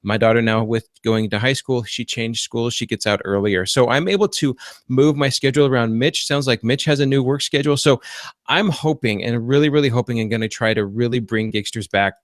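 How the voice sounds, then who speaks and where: A man's voice: mid-range voice, brisk, dry recording, studio quality. A male podcast host, a computer repair business owner, talking in a loose, rambling way with lots of fillers and restarts. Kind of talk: casual podcast chat.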